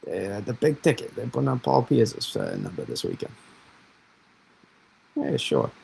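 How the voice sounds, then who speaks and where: A man's voice: on the low side, huge pitch swings, measured pace, vocal fry, mellow, a little hiss or hum, heavily acted, poor audio. A man voicing a mocking local guy with an exaggerated Boston accent, teasing and overdone.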